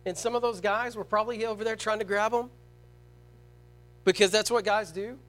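A high-pitched male preacher delivering a sermon to his congregation. He punches key words loudly, then drops to a hushed, slow tone whenever he reads scripture. He often turns to the crowd with rhetorical questions. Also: steady tone. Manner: swings from loud emphatic stress to quiet, slow scripture reading.

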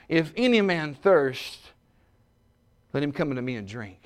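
A preacher man with a high voice that leaps around. He drops to quiet, self-mocking asides, then builds to shouted peaks. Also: sing-song, unhurried, long pauses. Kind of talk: sermon.

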